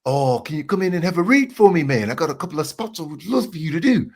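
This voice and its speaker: A man's voice: fairly high pitch, sing-song, quick pace, a little mellow, slightly rough, voice pushed up, heavily acted. A man imitating a laid-back, coaxing radio man from New Zealand in a nasal Kiwi accent. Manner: easygoing, coaxing, calls everyone bro.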